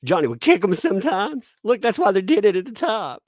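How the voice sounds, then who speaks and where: A man's voice: very animated, moderate pace, no room sound, clean studio sound. A man hosting a live stream, commentating sarcastically, reading chat and laughing often. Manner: puts on squeaky mocking voices when quoting people.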